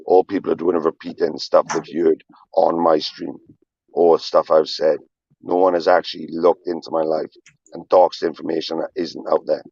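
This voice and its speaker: Gravelly low-voiced man ranting on stream. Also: level tone, normal speed, a little mellow, dry recording. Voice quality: gravelly, husky. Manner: emphatic, repetitive, swearing often. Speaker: livestreamer. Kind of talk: rambling confessional chat. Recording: dull lo-fi stream audio.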